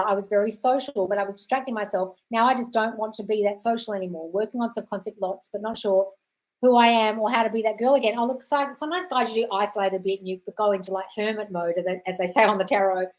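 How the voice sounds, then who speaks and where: A woman's voice: medium pitch, fairly even intonation, quick pace. A woman with an Australian accent hosting a casual live-stream Q&A, reading viewer comments aloud and answering them in a chatty way, swearing freely and calling viewers darling. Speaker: host answering viewer questions.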